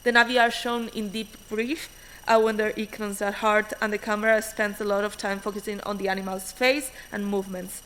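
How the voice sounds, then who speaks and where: A woman's voice: medium pitch, flat delivery, a bit bright, a little hiss or hum, rough recording. A woman reading out an academic conference paper, hurrying and often restarting words with fillers. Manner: hurried, frequent restarts and fillers.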